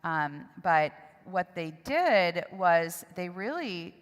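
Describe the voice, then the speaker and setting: Woman, middle-aged, lowish voice, emotional halting testimony, long hall reverb. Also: big pitch swings. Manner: emotional, halting, with pauses and restarts. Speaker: seminar speaker. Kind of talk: personal testimony talk. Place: church hall.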